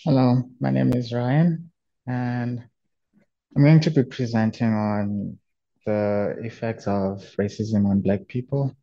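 A young man from Zimbabwe giving a student presentation on a webinar, explaining in a plain, slightly halting way. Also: medium pitch, fairly even intonation, vocal fry, warm tone. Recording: dull lo-fi audio.

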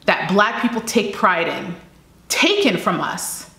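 A woman's voice: medium pitch, very animated, unhurried, fairly bright tone. Young woman ranting passionately on her channel, hammers points home w/ repeats, roomy echo. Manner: emphatic, repeats phrases for weight, rhetorical questions. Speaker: commentary channel host. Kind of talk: impassioned personal commentary. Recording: echoey room.

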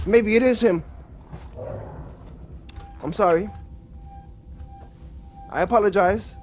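A man's voice: high-pitched, slow, pauses often, soft background music. A man giving casual gameplay commentary, apologetic and rambling, with a lot of slang and self-mockery. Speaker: gaming video creator.

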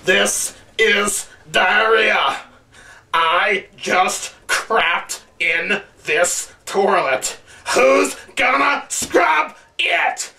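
A man putting on a bellowing epic-movie warrior who shouts slowly and with outrage. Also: very high voice, gravelly, echoey room, pitched above the performer's own voice, heavily acted. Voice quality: shouting, drawn out. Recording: distant mic with faint noise.

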